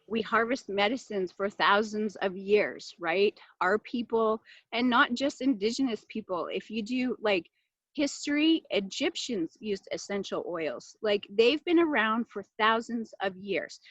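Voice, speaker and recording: A woman hosting a casual live class, talking in a chatty, heartfelt way with lots of fillers and bursts of animated excitement, into a laptop microphone. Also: medium pitch, unhurried, no room sound, highs cut off. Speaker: class host presenting essential oils.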